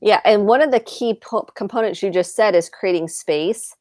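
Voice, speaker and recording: A woman therapist calmly explaining in a video call conversation, acting out short example exchanges. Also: mid-range voice, moderate pace, dry recording, studio quality. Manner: calm explaining, acts out example dialogue.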